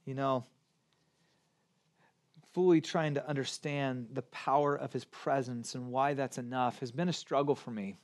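A man in his forties preaching a sermon, moving between gentle near-whispers and urgent appeals. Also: medium pitch, steady tone, unhurried. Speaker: pastor.

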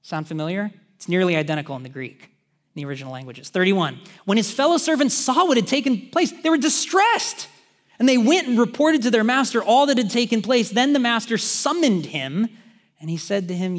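High-voiced, animated preacher. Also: male voice, brisk. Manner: animated, conversational preaching with asides to the congregation. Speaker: pastor. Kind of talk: sermon.

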